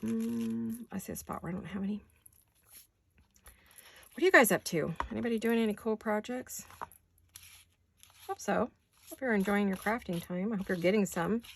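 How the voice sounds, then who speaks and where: An older woman with a hoarse, gravelly voice chats easily as she works on a craft project at home. She thinks out loud and drifts into little asides. Her pitch sits right in the middle, and faint noise hums behind her. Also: normal speed, long pauses. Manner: chatty, thinking aloud, wandering asides. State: hoarse, deep voice. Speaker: craft vlogger. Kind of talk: casual chat while crafting.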